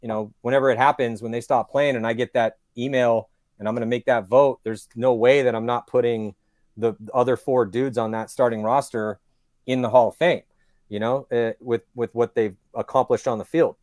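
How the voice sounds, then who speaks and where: A man's voice: medium pitch, moderate pace, no echo, studio quality. A man who is a guest on a podcast, talking at length in casual chat, telling stories and making his points with animation. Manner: long-winded, animated storyteller.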